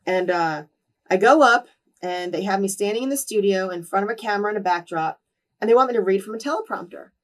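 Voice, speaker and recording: Fast-talking woman telling stories. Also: mid-range voice, distant mic. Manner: animated, acts out quoted voices, swears freely. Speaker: interview guest. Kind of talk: candid storytelling in a shoot interview.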